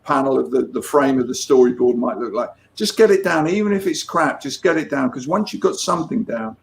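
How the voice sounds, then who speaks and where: A man's voice: medium pitch, lively intonation, a little fast, vocal fry, a little hiss or hum. A man, a comics artist chatting casually as an interview guest, with many restarts. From England. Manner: chatty storyteller with frequent restarts.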